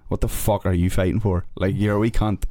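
Northern irish guy, lowish voice, ranting, swearing nonstop. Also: little pitch movement, brisk, mellow, no echo. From Northern Ireland. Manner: heated, profane ranting. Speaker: guest fighter. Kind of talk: casual podcast chat.

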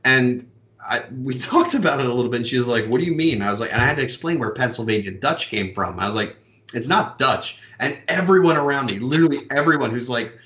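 A man's voice: medium pitch, lively intonation, pushed and bright. Man from Maryland, middle voice, rambling anecdotes, echoey dull recording. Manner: rambling storyteller, quick asides. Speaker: podcast co-host. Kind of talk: casual chat. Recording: roomy, dull lo-fi sound.

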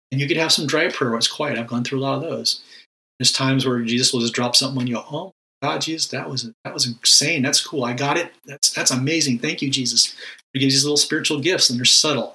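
Through poor audio comes a man's bright, forceful, mid-range voice. He's teaching casually about prayer as a Christian teacher, speaking emphatically with frequent repetition and rhetorical questions.

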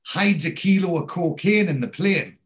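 A man's voice: high voice, lively intonation, moderate pace. A man hosting a casual podcast, retelling television scenes in a chatty storytelling way. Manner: chatty storyteller who acts out quoted lines. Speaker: podcast host recapping a TV series.

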